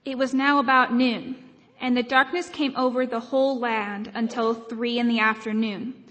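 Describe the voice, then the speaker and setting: Higher-voiced woman reading scripture, echoing church. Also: fairly even intonation, moderate pace, a bit bright, lo-fi sound. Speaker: scripture reader. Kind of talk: liturgical Gospel reading. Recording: long echo in a large church.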